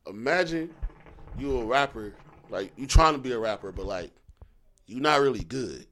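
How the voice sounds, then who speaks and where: A man co-hosting a podcast in casual chat, rambling and laid-back as he pitches ideas. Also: lively intonation, moderate pace, a bit bright. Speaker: podcast co-host.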